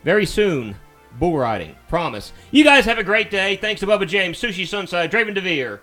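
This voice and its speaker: Male game streamer, mild Southern US accent, easygoing and rambling, slightly higher voice. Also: big pitch swings, normal speed, bright, forceful tone, faint music behind. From Alabama, US. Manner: chatty and rambling, easy-going. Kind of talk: casual live-stream chat while playing.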